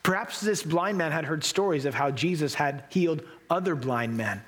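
A man's voice: a little high, normal speed, fairly bright tone. Earnest man preaching with emphasis. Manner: earnest, emphatic preaching with dramatic re-enactments of Bible scenes. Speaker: pastor. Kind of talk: sermon.

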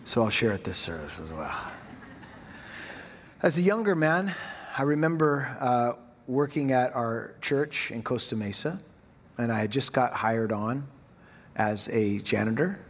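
A middle-aged man preaching a sermon, telling self-mocking stories in an animated way. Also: mid-range voice, unhurried, long pauses. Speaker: pastor. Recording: long hall reverb.

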